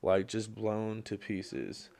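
A man's voice: fairly low pitch, animated, takes it slowly, vocal fry. Rambling young man on a solo podcast. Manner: rambling, slangy storytelling with lots of fillers; gets loud and worked up when ranting. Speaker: podcast host. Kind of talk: casual solo podcast chat.

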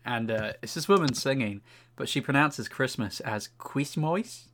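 A man's voice: mid-range voice, animated, a little slow, a bit bright, a little hiss or hum. A man co-hosting a podcast, telling anecdotes and slipping into silly voices in casual banter. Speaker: podcast co-host.

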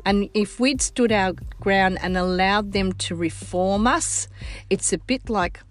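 An older woman with an Australian accent hosting a casual chat, telling stories in a warm, heartfelt way. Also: mid-range voice, measured pace, faint music behind.

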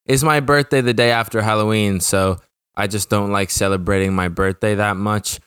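Rambling young male podcast host, crisp voice. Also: on the low side, fairly even intonation, moderate pace, a bit bright, no echo, clean studio sound. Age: young adult. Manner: rambling, profane, restarts sentences. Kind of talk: casual podcast monologue.

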